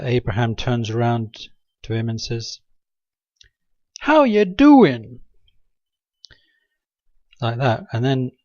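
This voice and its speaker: Man, dry sarcastic rambler, mid-pitched, hesitant with lots of ums, dull lo-fi home recording, close and dry. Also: darkish tone, no echo. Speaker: video maker. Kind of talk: rambling satirical monologue.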